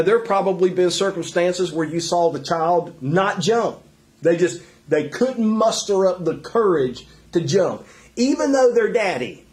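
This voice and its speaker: A man's voice: fairly high pitch, darkish tone. A man preaching a sermon in an earnest, conversational way, with frequent fillers and restarts. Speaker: pastor.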